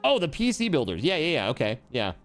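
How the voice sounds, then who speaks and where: A man's voice: on the high side, huge pitch swings, quick pace, soft background music. A man streaming a video game, chatting casually and teasingly with his viewers as he plays. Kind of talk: casual chat while gaming on stream.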